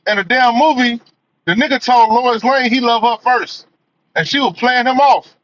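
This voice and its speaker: A man's voice: very high voice, normal speed, fairly bright tone, no room sound. A man giving a profane, emphatic rant as a movie reviewer, filling his talk with "man" and "you know.". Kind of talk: ranting commentary. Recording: dull lo-fi audio.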